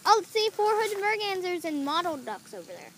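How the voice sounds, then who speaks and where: A teenage girl on a park walk, teasing her friend with dry, quick comebacks and pointing out birds. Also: very high-pitched, big pitch swings, poor audio. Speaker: birdwatching companion. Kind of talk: casual walking chat. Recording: outdoor noise behind.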